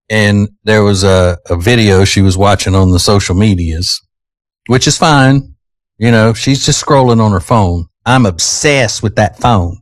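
Male morning radio host, low-pitched, self-mocking banter, close dry studio sound. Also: no echo. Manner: joking, self-mocking, chuckles often. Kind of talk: casual morning radio chat. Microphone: studio microphone.

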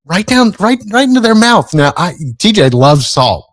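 A man's voice: high-pitched, sing-song, moderate pace, a bit bright, dry recording. A man co-hosting a morning radio show in a studio, telling stories and bantering in an amused, chatty way.

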